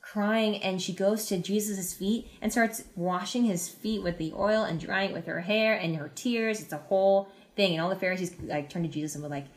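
A woman's voice: medium pitch, normal speed, few pauses. A young engaged woman, a guest on a friend's faith podcast, retelling Bible stories in an earnest, chatty way. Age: young adult. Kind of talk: casual faith chat.

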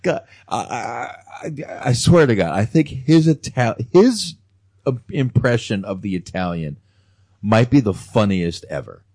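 A man chatting casually as podcast co-host, halting and repeating words, with some profanity. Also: mid-range voice, animated, a little mellow, dry recording, clean studio sound. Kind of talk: casual chat.

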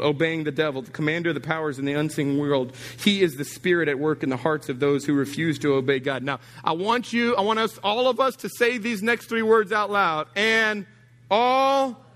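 A middle-aged man preaching a sermon as a pastor, teasing and animated, dropping low and quiet, then rising high and emphatic. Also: in a large hall.

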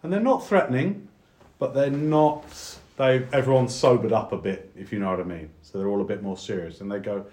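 A man's voice: fairly low pitch, fairly quick, a little mellow, reverberant. A man narrating as game master for a tabletop game, talking with frequent fillers and restarts. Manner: hesitant, many fillers and restarts.

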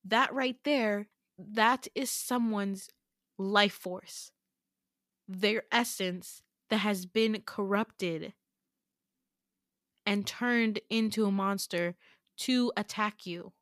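A woman voicing an intense, serious young male student who explains things urgently and with exasperation, in a low hushed tone. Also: normal speed, no echo, clean studio sound, natural voice. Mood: grave, hushed.

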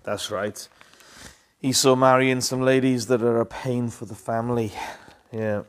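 Relaxed man reading scripture live. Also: medium pitch, a little slow. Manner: relaxed, greets chat viewers by name. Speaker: live-stream Bible reader. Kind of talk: casual live-stream chat and scripture reading.

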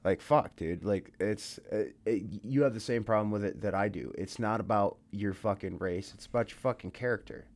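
A worn-out man talking on a podcast in a lowish voice. He swears freely and leans on "dude" and "like" as he vents. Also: moderate pace, few pauses, a little mellow. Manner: profane, says "dude" and "like" a lot. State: tired. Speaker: podcast co-host. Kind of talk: casual chat.

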